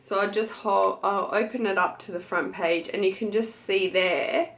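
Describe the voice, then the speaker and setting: A young Australian woman, pregnant, chatting casually to camera as a beauty vlogger, gushing and filling pauses with "uh" and "like". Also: medium pitch, steady tone, fairly bright tone. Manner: chatty, gushing, many fillers.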